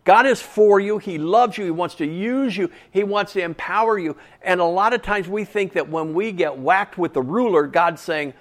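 A pastor with a high voice preaches at a normal pace, barely pausing. His sermon is conversational, with questions put to the congregation and key phrases repeated for emphasis.

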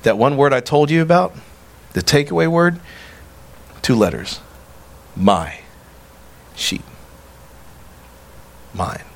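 A man preaching a sermon as a pastor, animated and emphatic, acting out quoted dialogue. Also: on the high side, takes it slowly, gravelly, long pauses.

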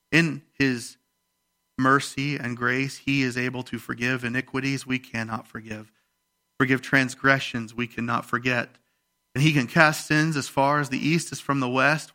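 A male pastor preaching a sermon, rising in emphasis on scripture readings and dropping quiet for personal stories. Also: mid-range voice.

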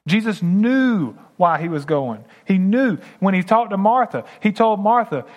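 A male pastor delivering a sermon in a fairly high voice. He talks to his congregation in a relaxed, conversational way between passages of scripture he reads aloud. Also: measured pace. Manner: conversational, addressing the congregation directly.

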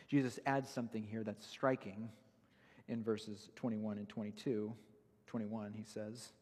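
A man's voice: fairly low pitch, fairly even intonation, normal speed, dark tone, slightly rough, long reverb tail. A man preaching a sermon, earnest and emphatic, citing Bible verses as he explains them. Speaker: pastor.

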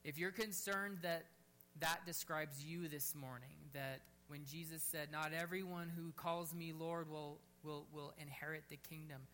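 Fervent pastor with a bright voice. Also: male voice, fairly high pitch, steady tone, a little slow, a little hiss or hum. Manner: fervent, rising to near-shouts on bold exhortations, then quiet and gentle in prayer. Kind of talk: sermon. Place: church service.

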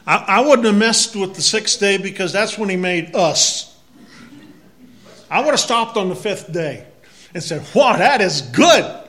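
Massachusetts man preaching slowly, slightly higher voice, conversational with scripture refrains. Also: bright, forceful tone. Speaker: pastor. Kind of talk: sermon.

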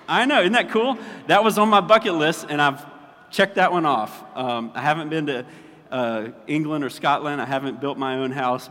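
A man's voice: mid-range voice, fairly bright tone. A man preaching a casual sermon as pastor, chatty and checking in with his listeners often. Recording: long reverb of a large hall.

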